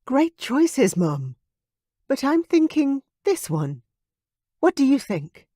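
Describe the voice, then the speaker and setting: A man's voice: very high voice, big pitch swings, takes it slowly, mellow, dry recording, clean studio sound, pitched above the performer's own voice, heavily acted. A man voicing a hot-tempered young dragon princess in an audiobook, demanding and huffy. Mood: eager. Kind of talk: audiobook character voice.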